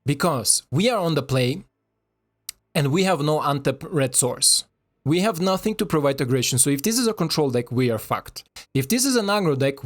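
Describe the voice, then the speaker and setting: Man with a slightly high voice, excitable card game commentary, non-native english, swears, chats to viewers. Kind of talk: casual gameplay commentary.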